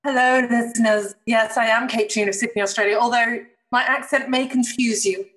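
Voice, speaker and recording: A middle-aged woman from England, a podcast guest talking about her business in a brisk, self-deprecating way. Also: a little high, fairly even intonation, a bit bright. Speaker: podcast guest, marketing entrepreneur. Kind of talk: casual interview chat.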